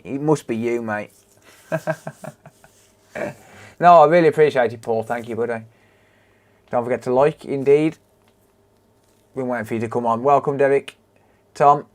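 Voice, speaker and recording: A British man chats casually on a repair livestream, greeting and thanking viewers by name while he works. His mid-range voice is brisk and steady in tone.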